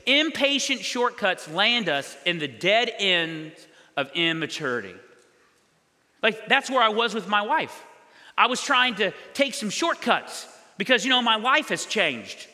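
Male pastor, high and bright voice, casual storytelling sermon. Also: a little slow, long reverb tail. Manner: animated, conversational, acts out little scenes. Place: church sanctuary.

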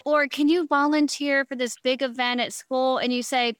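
A woman with a fairly high voice talks bluntly and frankly in a relaxed podcast chat, now and then slipping into quick quoted asides. The sound is dry and close, with no room around it. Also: no room sound.

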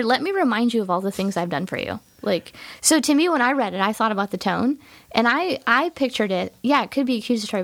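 A woman's voice: mid-range voice, creaky, dry recording. A woman, a pastor co-hosting a podcast, sharing earnest and enthusiastic thoughts on a Bible passage in casual conversation.

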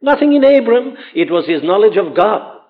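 Man preaching, earnest and emphatic, higher voice, sounds tinny like an old phone. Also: big pitch swings, a little fast. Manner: earnest, emphatic, rising to exclamations. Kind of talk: sermon. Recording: tinny phone-like old hall recording with long reverb.

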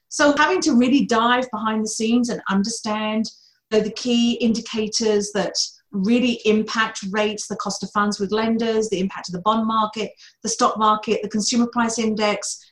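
A middle-aged woman with a distinct accent, a mortgage broker being interviewed, talking bluntly and laughing at her own jokes. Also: mid-range voice. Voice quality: distinct accent noted by hosts. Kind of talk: casual podcast interview. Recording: roomy echo.

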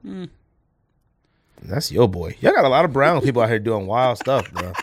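A man's voice: medium pitch, very animated, normal speed, slight background noise. A man co-hosting a casual podcast, laid-back and steering the chat along. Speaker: podcast co-host.

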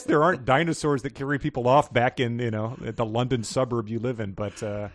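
A man's voice: mid-range voice, a little fast, few pauses, dry recording, clean studio sound. A man co-hosting a comedic podcast, reading quotes aloud in a wry, mocking way and chuckling often. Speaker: podcast co-host.

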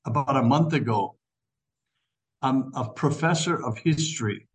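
A man's voice: mid-range voice, a little slow, poor audio. An older man, a priest and author, telling stories as a radio interview guest, often repeating his words. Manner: repeats phrases, storytelling.

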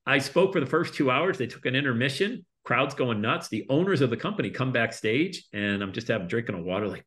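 A middle-aged man telling his story in a casual interview, animated and acting out other people's voices. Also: medium pitch, a little fast, hardly any pauses. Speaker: guest speaker and coach.

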